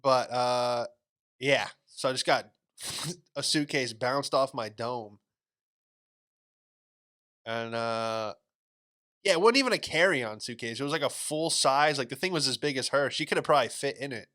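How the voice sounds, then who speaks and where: Rambling young man, bright voice. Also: mid-range voice, unhurried, pauses often. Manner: rambling, laid-back, full of fillers and slang. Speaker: podcast host. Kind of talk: casual comedic storytelling.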